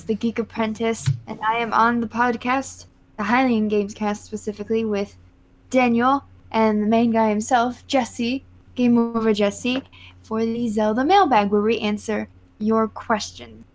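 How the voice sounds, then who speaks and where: A woman's voice: fairly high pitch, steady tone, measured pace, poor audio. A woman with a Southern US accent, chatting casually as a co-host on a livestream podcast and reading out lists of names.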